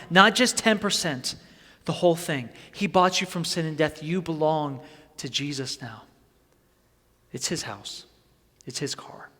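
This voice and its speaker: A pastor with a fairly high, slightly bright voice preaches in an earnest, conversational manner that builds to emphatic points. The recording carries a long hall reverb.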